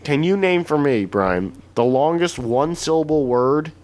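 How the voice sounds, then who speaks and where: A man's voice: a little high, animated, normal speed, darkish tone. Rambling, crude podcast host man. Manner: rambling, crude, self-correcting. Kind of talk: casual podcast banter.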